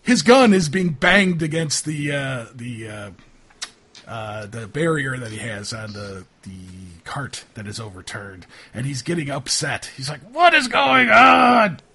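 Male game master, bright husky voice, halting narration. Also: medium pitch. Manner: halting, searching for words.

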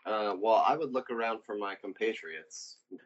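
A man's voice: fairly low pitch, moderate pace. A man playing a tabletop game casually, with dry self-mocking remarks. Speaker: player. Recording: dull lo-fi recording.

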